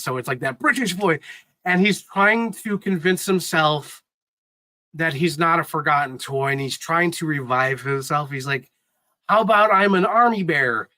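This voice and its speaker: A man chatting casually on a live stream, excitedly recapping movies in a rambling, sentimental way. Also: on the high side, no room sound, rough recording. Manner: sentimental, gets choked up.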